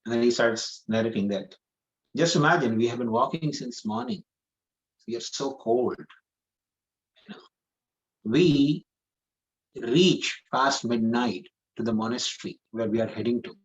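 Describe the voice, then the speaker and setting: Guy preaching a scripture class, earnest, repeats stuff for emphasis, mid pitch, kinda muffled recording. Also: expressive, measured pace, long pauses. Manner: earnest, repeats phrases for emphasis, acts out pleading dialogue.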